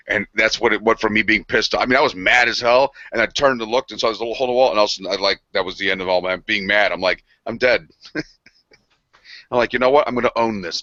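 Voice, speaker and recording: A young man co-hosting a casual podcast, telling stories with lots of swearing and animated banter. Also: fairly low pitch, no echo, highs cut off. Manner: animated storytelling, swears freely. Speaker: podcast co-host.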